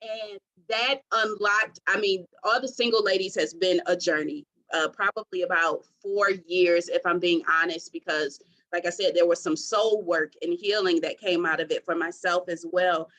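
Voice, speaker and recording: Expressive woman sharing her testimony. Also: fairly low pitch, normal speed, poor audio. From Detroit, USA. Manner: expressive, testimony-style storytelling. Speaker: podcast guest. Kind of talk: faith-centered interview talk.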